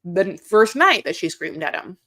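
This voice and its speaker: A woman's voice: on the low side, sing-song, moderate pace, fairly bright tone. A woman host chatting casually as she recaps reality TV. She rambles, talks in circles and swears.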